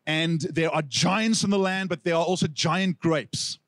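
A man with a South African accent preaching a sermon, telling stories with lively delivery and acting out the people he quotes. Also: fairly high pitch, unhurried, dry recording. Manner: animated storytelling, acts out quoted figures. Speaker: pastor.

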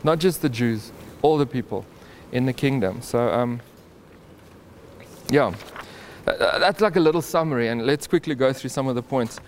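A man's voice: medium pitch, moderate pace, a little hiss or hum. Man retelling a Bible story with animation. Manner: animated storytelling with chuckles and restarts. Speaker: Bible teacher.

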